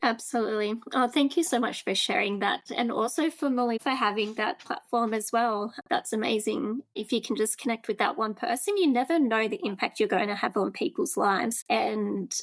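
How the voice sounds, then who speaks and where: A woman's voice: on the high side, moderate pace, few pauses, no echo. A woman hosting an interview, asking questions in a casual, sympathetic way with many fillers. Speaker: interview host. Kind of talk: conversational interview.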